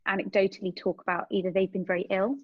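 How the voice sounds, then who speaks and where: A woman hosting a conversational interview, speaking in a halting, thoughtful way with frequent restarts. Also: mid-range voice, flat delivery, breathy edge, no room sound, highs cut off. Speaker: podcast host.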